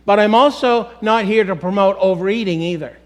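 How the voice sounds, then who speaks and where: A middle-aged man with a high voice preaches from the pulpit. He speaks emphatically and addresses his congregation directly. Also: a little fast. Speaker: pastor. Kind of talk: sermon.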